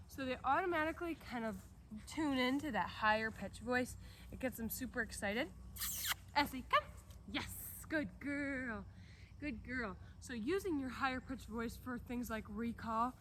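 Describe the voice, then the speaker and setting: A young woman dog trainer, outdoors, explaining a recall exercise and calling the dog in a loud, high-pitched praising voice. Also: slight background noise. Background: other dogs barking.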